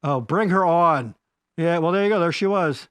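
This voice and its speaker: A man's voice: on the high side, moderate pace, a bit bright, clean tone, no room sound. A man co-hosting a live stream from his basement studio, rambling through crude jokes and mock-pleading bits. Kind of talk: crude comedic banter.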